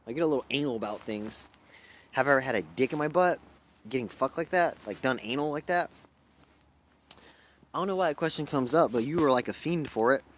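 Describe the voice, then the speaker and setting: A young man from Louisiana hosts a livestream, his medium-pitched voice rambling in a profane, erratic way as he jumps from topic to topic. There's slight background noise behind this casual chat.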